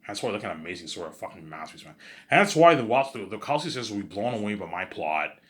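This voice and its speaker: Male vlogger, low-pitched, rapid and rambling, crude, stumbles and restarts often. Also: sing-song. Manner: rambling, profane, keeps saying "you know what I'm saying". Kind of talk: casual storytelling.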